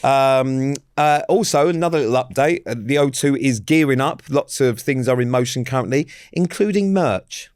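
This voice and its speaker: A man co-hosting a casual podcast, deadpan and teasing as he keeps the chat moving. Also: medium pitch, normal speed, hardly any pauses, clear, resonant tone, dry recording, clean studio sound. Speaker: podcast co-host. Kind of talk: casual banter.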